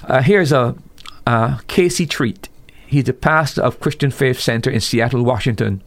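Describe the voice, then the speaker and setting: On a radio talk show discussion, a male pastor speaks at a moderate pace. He is emphatic, and his pitch rises sharply whenever he quotes other preachers.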